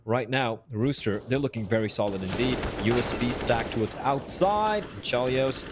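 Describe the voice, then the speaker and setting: Excitable man casting esports play-by-play. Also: medium pitch. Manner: excitable, rising fast during big plays. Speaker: esports caster. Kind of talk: play-by-play commentary. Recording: faint noise and game gunfire behind.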